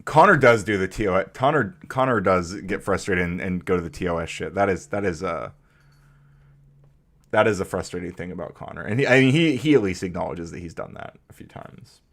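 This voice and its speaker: A man with a lowish voice hosts a live stream and rants through heated commentary. He talks emphatically, swears, and stumbles over repeated words, and his tone stays fired up throughout. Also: animated, brisk, creaky, fairly bright tone. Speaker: streamer host.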